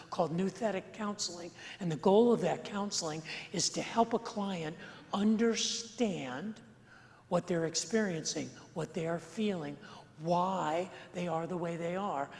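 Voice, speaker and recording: A male pastor preaching an earnest sermon, slowing and swelling on key phrases and repeating words for emphasis. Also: high voice, vocal fry. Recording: long church reverb.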